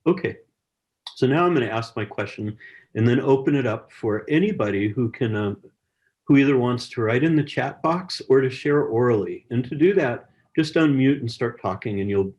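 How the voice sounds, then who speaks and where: A male science educator runs an online workshop over a video call, sounding encouraging and chatty as he reads chat messages out loud. His voice is mid-pitched with a somewhat dark tone, and the recording is muffled.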